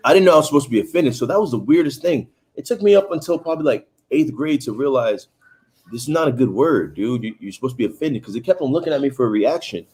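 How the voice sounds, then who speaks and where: A man's voice: medium pitch, lively intonation, quick pace, a little mellow. A man in his thirties from Haiti, hosting a casual livestream, chatting and reading viewer comments aloud. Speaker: livestream host.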